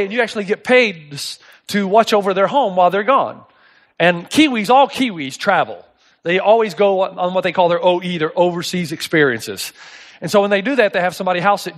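A male pastor with a notably high voice delivers a sermon. He is middle-aged and tells his anecdotes with animation, dropping into the voices of the people he describes.

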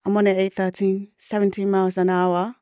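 A woman's voice: mid-range voice, level tone, brisk, dark tone, clean tone, no room sound, clean studio sound. A woman from Ghana, a podcast guest, talking candidly and reflectively about a hard time in her life. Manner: candid, reflective, acts out quoted voices. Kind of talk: personal storytelling in an interview.

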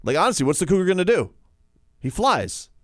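A man co-hosting a casual sports radio show, riffing and joking in rambling, animated banter. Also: high voice, a little fast, no room sound, studio quality.

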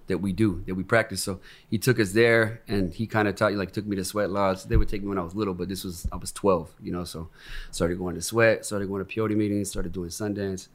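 A middle-aged man from Venice, California, telling stories in a casual, profane, rambling podcast chat. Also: fairly low pitch. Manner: profane, rambling storyteller who acts out quotes. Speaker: podcast co-host.

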